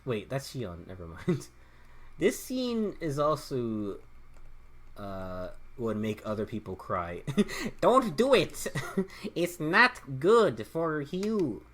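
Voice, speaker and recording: Woman gamer host, low and unhurried, swooping pitch, crude jokes over gameplay. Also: big pitch swings. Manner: joking, profane, laughs often. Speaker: gaming video host. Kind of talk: let's-play commentary.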